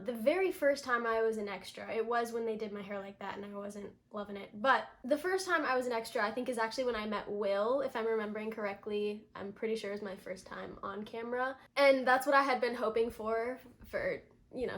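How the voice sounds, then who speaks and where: A woman's voice: fairly high pitch, fairly bright tone. Rambling, chatty young woman vlogger. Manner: rambling, self-correcting, lots of filler words. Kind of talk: casual chatty recap.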